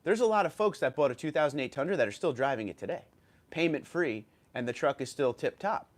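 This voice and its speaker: A man's voice: on the high side, expressive, fast talker. Chatty New York man hosting a livestream. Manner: chatty, thinking aloud with fillers and restarts. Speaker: livestream host. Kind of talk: casual livestream chat reading viewer comments.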